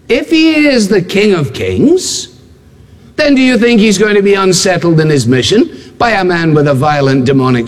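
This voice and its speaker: A male pastor delivers a sermon in a high, very animated voice that climbs and dips across wide swings. He drives his points home with repeated phrases and asks the congregation pointed rhetorical questions. His voice rings out with a long trailing reverb from a large church hall. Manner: emphatic, building repeated phrases.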